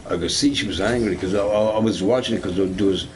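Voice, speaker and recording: Middle-aged man, lowish voice, loose profane gaming-stream rant with a "right?" on every other line. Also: quick pace, a little mellow, a little hiss or hum. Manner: rambling, profane, tags lines with "right?". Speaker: shop boss and gamer. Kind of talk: casual rant while gaming.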